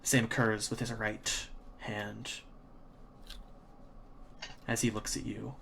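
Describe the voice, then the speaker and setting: Slow-narrating male game master. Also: on the low side, flat delivery, creaky, noisy background. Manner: slow, drawn-out descriptive narration. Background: faint music.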